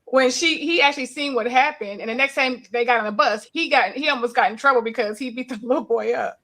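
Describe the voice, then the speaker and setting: A middle-aged woman telling a story in casual chat on a talk show. Her voice sits a little high, and she talks in an animated way and laughs often. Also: fast talker. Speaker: podcast co-host.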